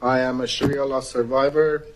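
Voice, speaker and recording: A man's voice: mid-range voice, level tone, normal speed, low-quality recording. A man from Iran giving impassioned public testimony at a meeting podium, urgent and pleading. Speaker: public commenter.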